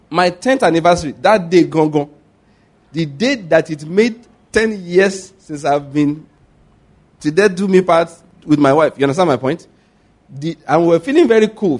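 A man preaching a sermon as pastor, telling animated stories and quizzing the congregation with call-and-response questions. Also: high-pitched.

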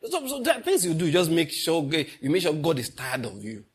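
A middle-aged Nigerian man preaching a sermon, telling stories and slipping into pidgin, moving between loud and hushed delivery. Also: fairly high pitch, huge pitch swings, brisk, husky. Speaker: pastor. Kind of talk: sermon with storytelling.

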